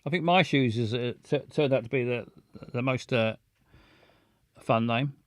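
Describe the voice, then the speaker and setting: A man hosting a live show, chatting casually in a halting, playful way with many restarts and silly jokes. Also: mid-range voice, no room sound, clean studio sound. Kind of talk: casual rambling live chat.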